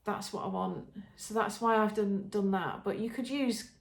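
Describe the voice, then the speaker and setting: A woman's voice: mid-range voice, moderate pace, vocal fry. An English woman hosting a podcast, chatting casually and enthusiastically with many ums and restarts. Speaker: podcast host showing knitting. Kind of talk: casual show-and-tell chat. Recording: roomy echo.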